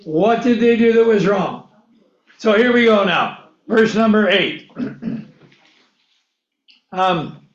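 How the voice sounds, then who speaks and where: A man with a high voice delivers a slow, unhurried sermon, posing questions to his listeners and answering them himself. The recording sounds dull and lo-fi, and his voice rings in a roomy, echoey space. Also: expressive. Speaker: preacher. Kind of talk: sermon, Bible teaching.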